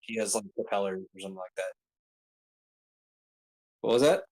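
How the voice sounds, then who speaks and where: This man's voice is on the low side with a darkish tone, at normal speed, in a rough recording. He's a video creator recapping an anime arc, rambling casually with many ums and uhs and adding jokey asides.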